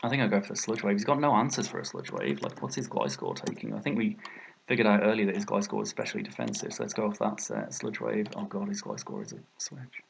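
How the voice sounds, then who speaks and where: Gravelly British man thinking aloud over a game. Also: on the low side, wildly swooping pitch, fast, a little hiss or hum. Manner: self-critical, exclaims often, thinks aloud. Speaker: gaming video creator. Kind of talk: live commentary over a competitive game.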